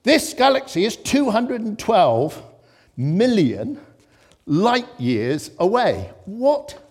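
A man preaching a sermon in church, impassioned, swinging between loud exclamations and hushed reflection. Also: sits high, sing-song, takes it slowly, slightly rough.

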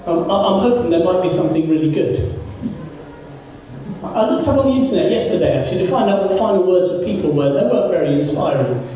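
A preacher giving a sermon who repeats words and phrases and slows down to stress key words. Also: medium pitch, lively intonation, dark tone, a little hiss or hum. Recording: very echoey, distant, dull church recording.

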